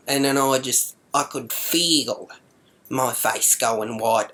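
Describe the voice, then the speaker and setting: A woman's voice: rumbling low, slow, a bit bright. An Australian woman vlogger telling a story to camera in an indignant, coarse rant, swearing constantly. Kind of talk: ranting comic storytelling to camera.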